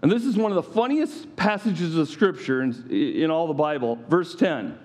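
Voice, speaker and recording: Animated preacher man. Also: a little high, moderate pace. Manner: animated, playful, acts out scripture with mock voices. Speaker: pastor. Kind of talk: sermon.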